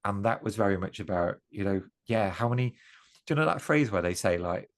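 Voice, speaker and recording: A man's voice: fairly low pitch, animated, fairly quick. A man, a podcast guest speaking earnestly and reflectively, often restarting his sentences in casual conversation. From East Midlands, England. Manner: earnest and reflective, with frequent restarts and self-corrections.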